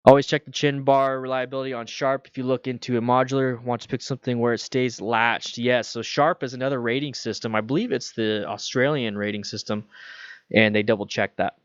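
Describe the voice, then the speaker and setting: A man's voice: medium pitch, steady tone, fairly quick, smooth, dry recording, lo-fi sound. A man hosting a casual livestream Q&A about motorcycles, chatty and loose, reading viewer questions aloud. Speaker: motorcycle channel host.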